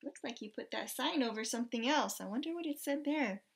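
A woman teacher reading a children's picture book aloud, musing over the pages in an expressive storytelling voice. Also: on the high side, a little fast, vocal fry, noisy background.

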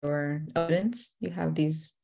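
A woman's voice: low voice, takes it slowly, vocal fry. A woman interviewer asking questions hesitantly, with many fillers. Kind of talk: conversational interview.

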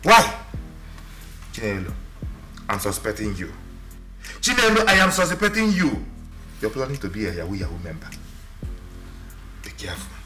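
An actor playing a suspicious, stingy older brother who runs a shop, speaking with a Nigerian accent in a fussy, scolding way. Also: male voice, low-pitched, a little fast, long pauses, roomy sound, music in the background, close to an everyday voice. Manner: fussy, scolding, repeats himself. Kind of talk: Nollywood film drama.

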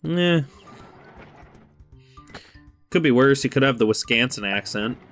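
A man's voice: mid-range voice, expressive, brisk, fairly bright tone, faint music behind. A man co-hosting a casual gaming video, laid-back and teasing, laughing often. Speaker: co-host playing a video game.

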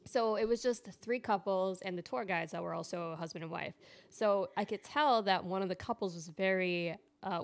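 A woman co-hosting a casual panel chat, a chatty storyteller who fires off animated questions. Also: medium pitch. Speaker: co-host.

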